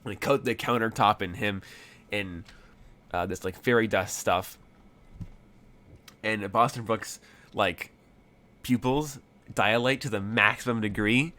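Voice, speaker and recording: A man runs a tabletop game, narrating in a somewhat low voice. He wanders through his descriptions, full of fillers and restarts. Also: measured pace, pauses often, bright, forceful tone. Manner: rambling, many fillers. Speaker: game master.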